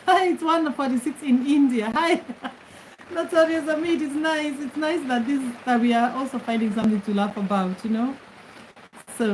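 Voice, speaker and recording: A woman's voice: fairly high pitch, a little mellow, a little hiss or hum, poor audio. A middle-aged woman from Kenya, chatting casually as host of her livestream from her bed and laughing often as she greets commenters. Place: bedroom, lying on her bed.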